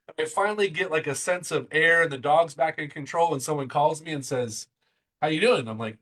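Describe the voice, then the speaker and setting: A middle-aged man hosting an interview, talking in excited bursts in a motivational chat. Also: a little high, low-quality recording. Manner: excitable, talks fast in bursts. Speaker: interview host.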